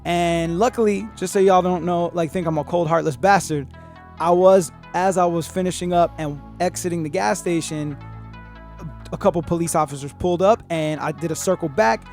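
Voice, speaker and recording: A man hosting a podcast, telling a story in a rambling, profane, animated way and acting out what people said. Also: fairly high pitch, moderate pace, soft background music. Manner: profane, rambling, animated retelling with acted-out quotes. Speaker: podcast host. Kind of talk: casual storytelling.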